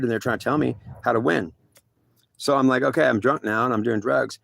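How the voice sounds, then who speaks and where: A man telling a first-person story in a rambling, halting way, full of restarts and acted-out exchanges. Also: mid-range voice, gravelly, fairly bright tone. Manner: halting, repetitive, many restarts; acts out other people's voices in quick back-and-forth.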